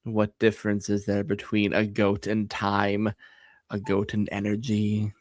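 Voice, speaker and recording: A sarcastic, pious saint in a tabletop adventure, played by a man. His voice sits low and he speaks calmly, with dry wit. The sound is close and dry, with no room echo. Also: measured pace, lightly acted. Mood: wry. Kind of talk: in-character tabletop role-play.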